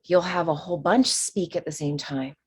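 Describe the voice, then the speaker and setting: A woman teaching a spiritual course in a chatty, expressive way, acting out quoted voices and sometimes dropping to a whisper. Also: low-pitched, moderate pace, husky.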